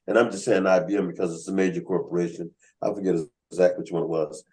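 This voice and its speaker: A man's voice: low voice, quick pace, poor audio. A man hosting a writers' workshop on a video call, telling stories and acting out the people he quotes. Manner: animated storyteller acting out quoted voices. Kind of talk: casual storytelling on a video call.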